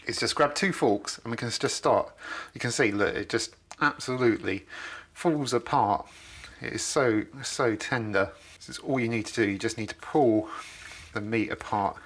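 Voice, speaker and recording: A man's voice: mid-range voice, fairly bright tone. A man, chatting enthusiastically while he cooks in his home kitchen for a video. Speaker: cooking vlogger. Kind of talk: casual cooking demonstration.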